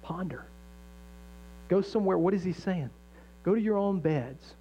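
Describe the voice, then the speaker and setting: A man's voice: high voice, unhurried, mellow. A young adult man preaching a sermon as a pastor, talking in a conversational, emphatic way and often restarting his sentences. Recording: dull lo-fi sound with faint mains hum.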